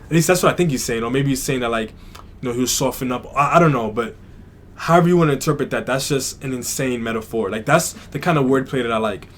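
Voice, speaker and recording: A man's voice: medium pitch, fast. New guy reacting to music, rambly, lots of "like" and "i don't know", faint hiss behind. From New York. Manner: thinks aloud, hedging, many fillers. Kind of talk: casual reaction commentary.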